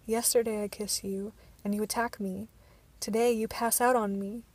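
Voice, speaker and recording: A woman voicing a young male vampire, intense and protective, in a soft hushed delivery in an audiobook reading. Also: medium pitch, little pitch movement, moderate pace, no echo, close to an everyday voice.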